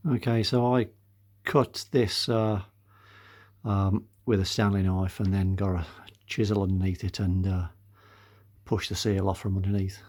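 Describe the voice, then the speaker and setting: A man's voice: sits low, flat delivery, a little slow, a little mellow. An older man narrating his own car repair in a casual workshop vlog, out of breath, speaking to his viewers with many fillers. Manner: chatty, many uh fillers, addresses viewers as guys. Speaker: car restoration vlogger.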